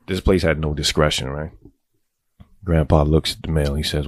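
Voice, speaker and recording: Deep-voiced New guy, profane storyteller who wanders off on tangents, dry close sound. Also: fairly even intonation, normal speed, no room sound. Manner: rambling, streetwise, goes on tangents.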